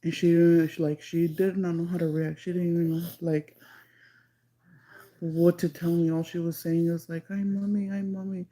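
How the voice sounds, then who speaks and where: Poor audio carries a warm, monotone, lowish female voice as she rambles through a story on a livestream. Her casual telling leans heavily on "like," drifts into Spanish now and then, and drags some phrases out slowly when she stresses them.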